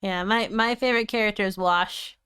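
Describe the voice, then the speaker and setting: A woman's voice: medium pitch, fairly even intonation, brisk, sharp tone, smooth, dry recording, studio quality. A woman co-hosting a podcast, chatting casually, laid-back, swearing freely and laughing often. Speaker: podcast co-host. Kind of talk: casual chat.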